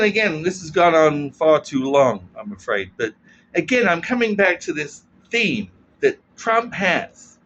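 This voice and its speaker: A man's voice: high-pitched, a bit bright. Rambling man on a dull lo-fi recording. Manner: rambling, asks "right?" after most points. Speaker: commentator. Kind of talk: opinion monologue. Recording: dull lo-fi with faint noise.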